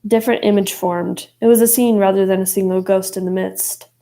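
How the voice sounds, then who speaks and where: A woman's voice: medium pitch, steady tone, a little fast, warm tone, poor audio. A woman narrating an audiobook expressively, voicing each character. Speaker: audiobook reader.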